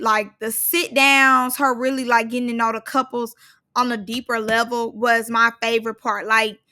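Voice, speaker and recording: A young woman reviews a reality show in a chatty, slangy recap, acting out quotes along the way. Her voice is a little high, bright, and forceful.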